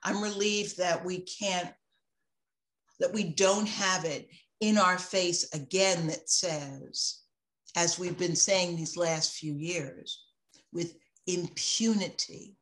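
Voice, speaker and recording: Author, woman in her 60s, lower voice, reflective but impassioned, measured slow delivery. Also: fairly even intonation. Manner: impassioned, reflective, shifting between emphatic and hushed. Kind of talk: interview conversation.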